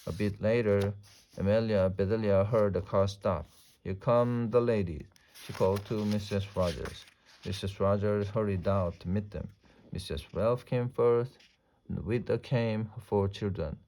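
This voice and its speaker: A man reading a children's picture book aloud at a steady, gentle pace. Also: lowish voice, moderate pace. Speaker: storyteller.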